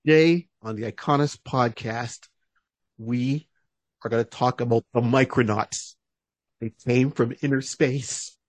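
Man, comedian co-host, hoarse, energetic, rapid shout-outs, dry recording. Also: mid-range voice, no echo. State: voice going hoarse. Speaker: podcast co-host, stand-up comedian. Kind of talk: casual podcast chat.

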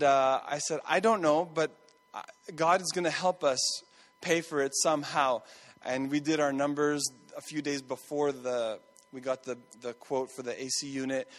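Storytelling pastor in a reverberant hall. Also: male voice, fairly high pitch. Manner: conversational storytelling with repeated phrases. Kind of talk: sermon.

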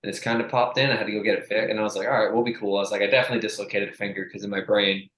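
A young man with a lowish voice spins a rambling, profane story, acting out what everyone said. He talks casually as a strength coach would with a friend, and the room gives his voice a noticeable echo. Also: rapid-fire, slight background noise. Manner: animated, profane, acts out quotes.

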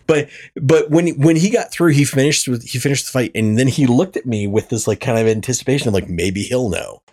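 A man hosting a podcast, chatting casually, swearing often and telling animated stories. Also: medium pitch, normal speed. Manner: animated storytelling, swearing and laughing. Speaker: podcast host. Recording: poor audio from a faulty mic.

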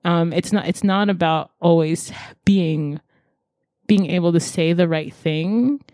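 Earnest, reflective woman with a lowish voice. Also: a little slow, dark tone, no room sound. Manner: earnest, reflective, casual slang. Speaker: podcast co-host discussing a TV show. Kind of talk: casual discussion.

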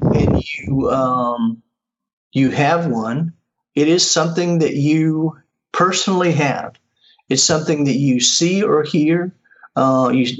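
Guy talking as a medium in an interview, kinda high voice, earnest, keeps restarting, dull lo-fi sound. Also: gravelly, noisy background. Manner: earnest and halting, with frequent restarts. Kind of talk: casual conversational interview. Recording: dull lo-fi audio.

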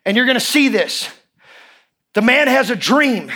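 A man with a very high voice preaches a sermon. He repeats his lines for emphasis, swings up into shouts and jokes informally with the congregation. He sounds like a fired-up pastor talking straight to the room. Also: expressive, unhurried, long pauses.

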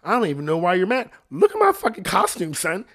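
A man putting on the voice of a cocky, boastful young male superhero, swaggering and loud. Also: high-pitched, wildly swooping pitch, fast talker, vocal fry, voice pushed up, heavily acted.

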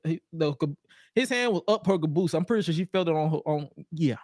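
On a podcast he co-hosts, a man recaps old wrestling shows in casual chat, telling the stories with animation and acting out the wrestlers' lines in goofy voices. His voice is fairly high and fairly quick. The recording is dry and clean, with studio sound.

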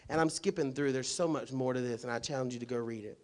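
Here a male preacher speaks casually but with force, alternating soft asides with shouted, question-filled climaxes. He talks fast in a mid-range voice and barely pauses.

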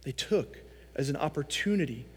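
A man's voice: on the high side, animated, normal speed, slightly rough, in a large hall. A male pastor preaching a sermon, telling stories with animation and acting out the voices he quotes.

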